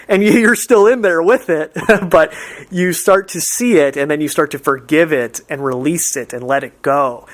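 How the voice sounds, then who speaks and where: A man's voice: fairly high pitch, a bit bright. A man giving a casual, rambling spiritual monologue, reflective and given to frequent laughs. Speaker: spiritual talk host.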